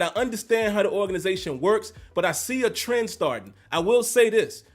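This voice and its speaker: Man, football recap host, emphatic, repeats himself for emphasis, slightly high voice, faint music underneath. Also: lively intonation, a little fast. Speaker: sports commentary host. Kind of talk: live-streamed football recap.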